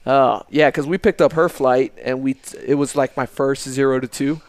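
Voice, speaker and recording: A man's voice: medium pitch, fairly even intonation, normal speed, no room sound. A man who is a former military training instructor, talking bluntly with plenty of swearing and laughter in casual podcast chat. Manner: blunt, profane, laughs often.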